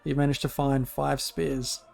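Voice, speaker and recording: Slow-narrating game master. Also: medium pitch, little pitch movement, creaky, a little mellow, faint music behind. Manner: slow, deliberate scene description.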